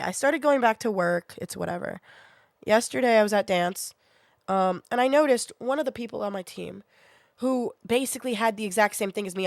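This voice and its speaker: A woman's voice: mid-range voice, dry recording, clean studio sound. A woman in her twenties who is sick with a sinus infection, telling a rambling story to her stream with lots of swearing. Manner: swears freely, rambling and animated. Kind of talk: casual storytelling to a live chat.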